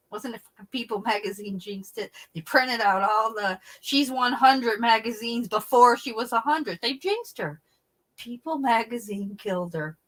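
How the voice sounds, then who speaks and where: A middle-aged woman hosting a casual livestream, chatting with viewers and telling stories in an animated, blunt way with some swearing. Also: medium pitch, rough recording. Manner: chatty, reads and answers viewer comments. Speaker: livestream host.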